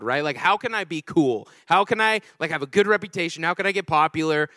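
A young man with a high, ringing voice preaches to his congregation, leaning on humor and self-deprecating stories. He keeps checking in with the room as he talks. The sound is close and dry, with no reverb. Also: quick pace. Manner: humorous, animated, chatty with the congregation. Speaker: pastor. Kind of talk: sermon with storytelling.

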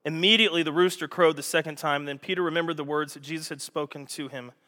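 A man preaching a sermon to a congregation, animated and storytelling, acting out scenes with raised voices. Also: on the high side, fast talker. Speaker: pastor. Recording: echoey hall.

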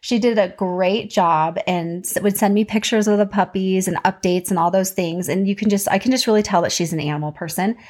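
Brisk and with few pauses, a woman in her thirties hosts a podcast and chats casually about her week. Her storytelling voice is animated and jumps up in pitch when she gets excited.

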